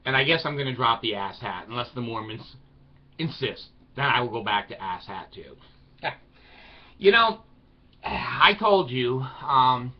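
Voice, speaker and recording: A man talking to camera in a loose, rambling monologue, wry and irreverent in tone. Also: medium pitch. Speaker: video blogger. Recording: slightly dull lo-fi recording.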